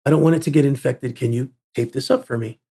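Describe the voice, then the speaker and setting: Man playing an eager teen schoolboy with a warm, husky voice and an earnest, chatty manner. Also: mid-range voice, fast. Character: teenage boy student, friendly and eager.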